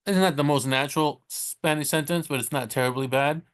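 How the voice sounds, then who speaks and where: A man teaching Spanish in a casual way, chatty and correcting himself, who slows down to sound out each Spanish word. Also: a little high, smooth. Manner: chatty, self-correcting, laughs at his slips. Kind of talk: casual screen-share lesson.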